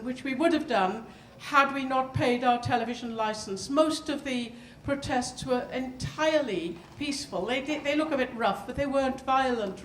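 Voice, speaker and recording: A woman with a high, light voice talks about her country in an easy, unscripted way, often starting a phrase twice before she finds it. She is recorded in a roomy, echoing hall with a faint hum of ambience behind her. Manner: conversational, with frequent restarts. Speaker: poet. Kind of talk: talk at a reading event.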